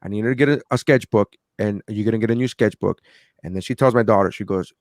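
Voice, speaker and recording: A man in his thirties co-hosting a podcast, telling a story in a lively, animated way and acting out other people's voices. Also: lowish voice, fast talker, dry recording, studio quality. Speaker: podcast co-host. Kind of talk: casual chat.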